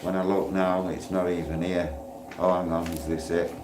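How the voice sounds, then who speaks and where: A man, hosting a casual livestream while in pain, rambling and quickly turning irate. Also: low voice, fairly even intonation, background noise. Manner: rambling, grows irate and loud when aggrieved. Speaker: livestreaming channel host.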